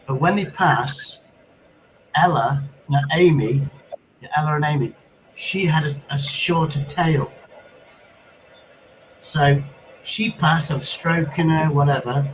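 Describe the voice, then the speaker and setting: Middle-aged man, rambling sweary storyteller, a little high in pitch, faint noise behind. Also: slow pace, pauses often, poor audio. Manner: swearing anecdotes with sound effects. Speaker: livestream host. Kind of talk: casual chat.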